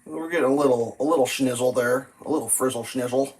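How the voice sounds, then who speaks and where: A man's voice: medium pitch, fast, low-quality recording. A man cooking pancakes at a griddle in his kitchen, telling stories in a loose, rambling and profane way. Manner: animated, profane storytelling. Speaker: vlogger cooking breakfast. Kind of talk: casual rambling chat.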